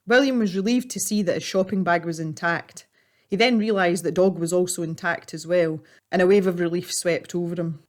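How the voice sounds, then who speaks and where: A woman calmly narrating a story while she paints. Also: fairly low pitch. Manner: calm, measured storytelling. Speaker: artist and storyteller.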